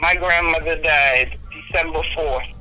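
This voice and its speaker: A woman's voice: low voice, measured pace, bright, forceful tone, faint music behind, low-quality recording. A woman in her fifties, a talk show guest earnestly telling a personal story from her childhood.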